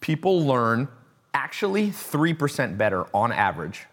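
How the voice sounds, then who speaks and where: Animated man telling stories. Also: medium pitch, normal speed. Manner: animated storyteller, mimics voices. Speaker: guest. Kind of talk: casual podcast conversation.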